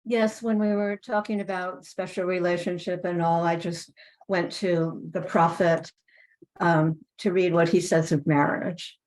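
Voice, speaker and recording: A woman reading a poetic passage aloud to a spiritual group, measured and solemn. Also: fairly low pitch, steady tone, darkish tone, low-quality recording. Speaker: community member reading aloud.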